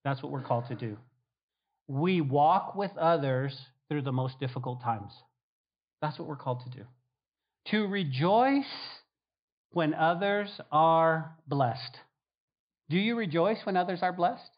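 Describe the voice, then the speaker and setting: A man's voice: a little high, lively intonation, a little slow, pauses often, dull audio. A man who is a pastor, preaching a sermon with repetition, rhetorical questions and acted-out quotes.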